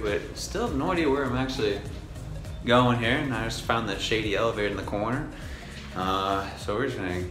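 A man vlogging in a casual, upbeat and chatty way as he walks through an office building, talking into a handheld camera. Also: on the low side. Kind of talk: casual vlog narration.

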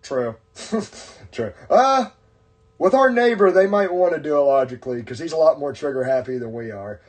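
A man's voice: fairly high pitch, animated, normal speed, a little mellow. A man hosting a podcast and telling a long story in casual chat, rambling with many fillers and restarts. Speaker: podcast host.

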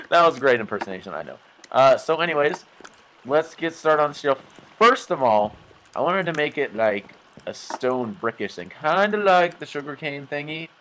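A man's voice: medium pitch, fairly bright tone, slight background noise, poor audio. A man hosting a game let's play, talking casually with rambling, jokey, self-mocking asides. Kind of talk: casual gameplay commentary.

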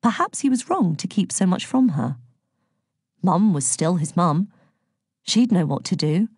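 A woman reads a novel aloud with a low, mellow voice and a slightly husky grain. Her delivery is calm and gentle, and the sound is dry and close to the mic. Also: normal speed, no echo. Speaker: audiobook narrator. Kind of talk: scripted narration.

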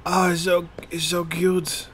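Slow-talking playful male streamer. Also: sits high, completely flat delivery, a bit bright, slight background noise. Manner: playful, talks to the game characters, jokey asides. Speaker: gameplay streamer. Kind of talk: casual let's-play commentary.

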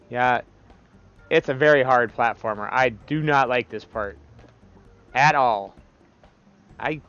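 A let's play streamer gives casual, profane commentary on his gameplay, sounding exasperated and talking straight to the game. His mid-range voice is smooth and a bit bright, though the audio is dull.

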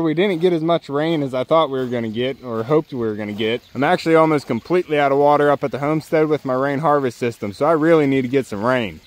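Easygoing man, higher voice. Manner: easygoing, chatty, jokes and breaks off to talk to his dogs. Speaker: homesteader showing his garden. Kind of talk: casual walking garden tour. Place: outdoors in a yard garden.

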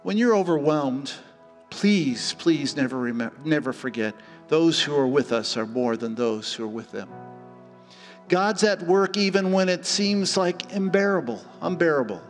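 A middle-aged man preaching a sermon as pastor, telling stories with lively acted-out voices. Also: on the high side, a little slow. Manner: animated storytelling, acting out voices. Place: church hall. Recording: church hall reverb with faint music.

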